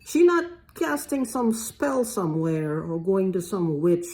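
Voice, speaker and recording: A woman's voice: medium pitch, sing-song, a little slow, warm tone. A woman talking in a loose, rambling monologue, often repeating herself and restarting. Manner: repetitive, rambling, restarts a lot. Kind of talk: casual monologue to camera.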